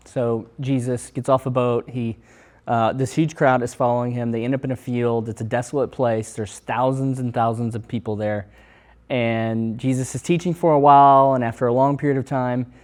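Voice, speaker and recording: A man's voice: mid-range voice, darkish tone. A man telling a Bible story as a personal testimony, earnestly acting out the voices of the people in it. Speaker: missionary sharing testimony. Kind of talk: casual testimony.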